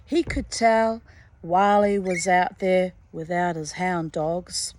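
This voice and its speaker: A woman reading a folktale aloud as a storyteller, unhurried, with chatty personal asides. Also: fairly low pitch, steady tone, background noise.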